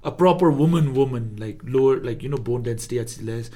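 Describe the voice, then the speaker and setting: A man's voice: mid-range voice, brisk, crowd noise. A man talking casually and at length, giving his opinions with many fillers. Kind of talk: casual chat.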